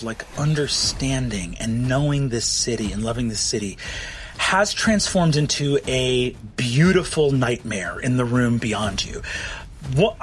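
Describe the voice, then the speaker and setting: A man's voice: fairly high pitch, slight background noise. Man game master narrating vividly. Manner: vivid, animated scene description.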